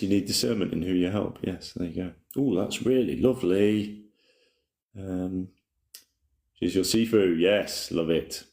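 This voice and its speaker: Deep-voiced laid-back man streaming live. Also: a little slow, a little mellow. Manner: rambling, laid-back, reads chat comments aloud. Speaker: livestream host. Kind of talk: casual spiritual livestream chat. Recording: roomy echoey room.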